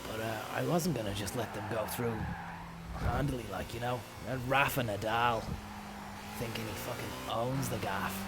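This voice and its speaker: A man delivering a rambling, deadpan comic monologue full of absurd tall tales and casual swearing. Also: mid-range voice, vocal fry, heavy background noise. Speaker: comedy podcast host.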